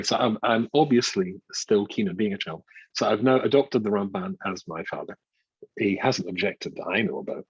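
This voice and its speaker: An older rabbi with a husky voice teaches in a chatty, wry way, full of self-mocking asides. His pitch moves about a lot as he tells his stories. The recording sounds dull and dry, with no room echo. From Scotland. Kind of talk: informal Torah lecture.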